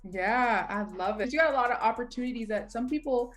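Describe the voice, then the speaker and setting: A woman's voice: on the high side, brisk, soft background music. A woman hosting a casual interview, asking encouraging questions. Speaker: interviewer, host.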